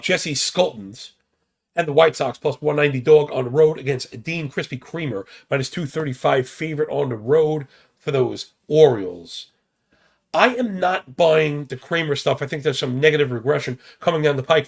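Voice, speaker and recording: Male betting podcast host, casual and stat-heavy, a bit of fry in the voice. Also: a little high. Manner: rapid stat-heavy banter with slang.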